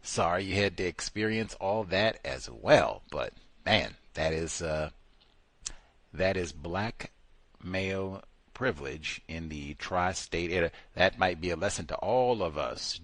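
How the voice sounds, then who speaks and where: A man, hosting a call-in radio show. His pitch swings widely as he riffs, often breaking into mocking impressions. The sound is dry and close, like a studio mic. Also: measured pace, no room sound. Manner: animated, mocking voices of others, frequent laughter. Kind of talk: call-in talk radio commentary.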